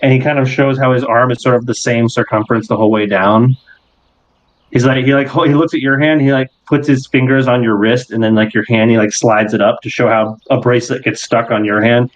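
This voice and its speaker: A man serving as game master, narrating a tabletop game in an animated, rambling way. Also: mid-range voice, brisk, rough recording.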